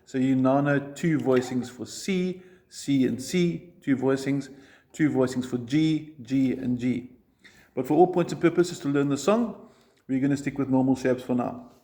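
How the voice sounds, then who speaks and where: A man with a medium-pitched, dark voice takes his time teaching ukulele. He explains the chord shapes one step at a time and counts out the strums as he goes.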